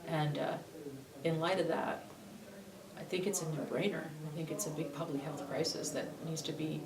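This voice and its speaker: A woman in her forties with a low voice tells her story in an earnest, halting way, often restarting her sentences. She sounds set back from the mic in a roomy space with faint noise behind her. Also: steady tone, distant mic, a crowd in the background. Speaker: interviewee, stroke survivor. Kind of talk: recounting a personal ordeal in a news interview.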